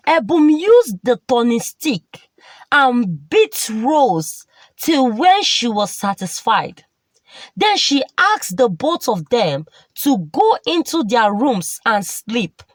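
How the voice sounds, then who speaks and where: A woman narrating a folktale in a slow, expressive storytelling manner. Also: sits high, no room sound.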